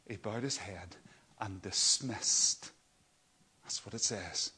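Husky preacher swinging from whispers to cries. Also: male voice, mid-range voice, big pitch swings, slow pace. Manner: dramatic swings from hushed whispers to loud cries. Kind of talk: sermon.

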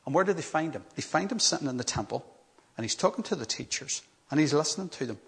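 A man's voice: fairly high pitch, expressive, quick pace, creaky, fairly bright tone. A middle-aged man preaching a sermon, telling the story with earnest, emphatic repetition.

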